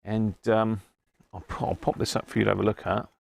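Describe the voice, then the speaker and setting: Gravelly man chatting on a live stream. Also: lowish voice, little pitch movement, fairly quick, darkish tone, a little hiss or hum. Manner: chatty, greets viewers by name, banters. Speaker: radio restoration live streamer. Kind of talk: casual live-stream chat.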